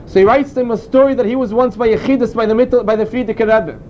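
A man's voice: very high voice, racing, muffled recording, slight background noise. A man giving an informal Torah class, explaining and telling stories in an earnest way. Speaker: Torah teacher.

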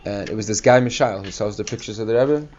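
A man's voice: fairly low pitch, fast talker. Rambling man telling a story, lo-fi. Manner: rambling, filler-heavy, animated quoting of others. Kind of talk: casual personal storytelling. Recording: dull lo-fi recording with faint hiss.

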